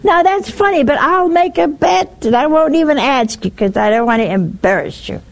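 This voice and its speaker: Delivering a broadcast sermon at normal speed, this woman speaks in a high, creaky voice. Her storytelling is animated and wryly funny, full of teasing for the audience, and she sinks to a whisper whenever she wants emphasis.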